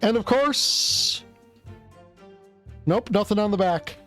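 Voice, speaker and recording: A man's voice: high-pitched, slow pace, fairly bright tone, faint music behind. A man streaming a game, casually thinking aloud with hesitant restarts as he works through the puzzle. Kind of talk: casual let's-play commentary.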